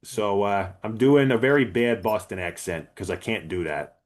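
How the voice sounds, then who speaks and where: A man co-hosting a podcast in casual chat, animated, laughing often and swearing casually. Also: fairly low pitch, moderate pace. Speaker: podcast co-host.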